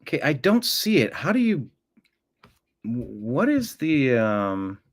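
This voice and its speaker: A man's voice: medium pitch, wildly swooping pitch, slow. Profane, confrontational male livestream host. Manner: profane, confrontational outbursts at a commenter; mutters to himself while fixing stream settings. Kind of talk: live-stream talk.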